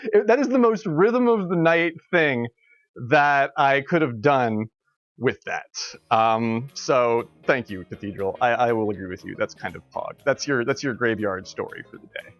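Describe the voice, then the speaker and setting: A man's voice: medium pitch, moderate pace, a bit bright, lo-fi sound, faint music behind. A man live-streaming, telling a story in a loose, rambling way with frequent laughs and restarts. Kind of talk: casual storytelling on a livestream.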